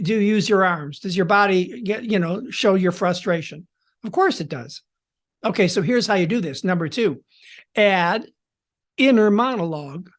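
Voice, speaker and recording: A man hosting a podcast as a storytelling coach, teaching in a theatrical way with dramatic pauses and shifts in tempo and volume. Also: high-pitched.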